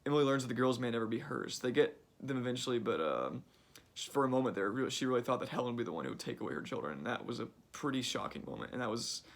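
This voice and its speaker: A young man recaps a book chapter in a loose, chatty way, packing his talk with fillers. He speaks quickly, and his voice has a gravelly fry running through it. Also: mid-range voice, expressive. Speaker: reader summarizing a book. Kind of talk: casual book summary.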